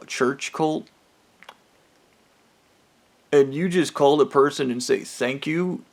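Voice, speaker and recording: A man's voice: medium pitch, vocal fry. A man ranting bitterly in a rambling personal monologue, swearing often and mocking the people he blames. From United States. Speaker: vlogger. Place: trailer park home.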